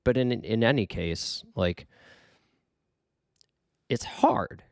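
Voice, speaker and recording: A man's voice: medium pitch, animated, slow pace, no room sound, clean studio sound. A middle-aged man talking casually and earnestly, rambling with fillers and restarts as he gives advice. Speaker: podcast host giving life advice. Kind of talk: casual reflective monologue.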